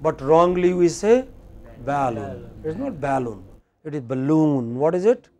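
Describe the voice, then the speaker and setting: A man's voice: high-pitched, expressive, brisk, warm tone. A man lecturing a class as a teacher, drilling pronunciation and checking in with questions.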